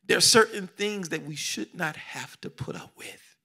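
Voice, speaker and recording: A middle-aged man preaching a sermon, swinging between loud exclamations and hushed whispers, repeating phrases and calling out questions to the congregation. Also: on the high side, big pitch swings, moderate pace, husky. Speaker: pastor.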